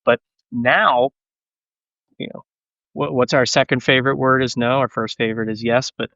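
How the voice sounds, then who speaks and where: A man guesting on a podcast, speaking as a sales executive in a casual, animated conversation and telling self-deprecating stories. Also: mid-range voice, moderate pace, dry recording, dull audio.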